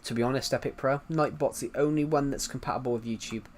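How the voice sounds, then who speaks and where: A man's voice: mid-range voice, steady tone, quick pace, darkish tone, slight background noise. A British man chatting casually on a live stream while playing, rambling and repeating himself as he answers viewers' chat. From United Kingdom.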